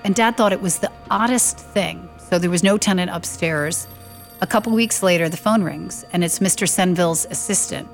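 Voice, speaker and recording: A woman with a fairly low voice tells a family story as a lively storyteller. She acts out the people she quotes, lifting her voice for their lines. Soft music plays faintly behind her. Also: normal speed, creaky. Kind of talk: anecdotal storytelling.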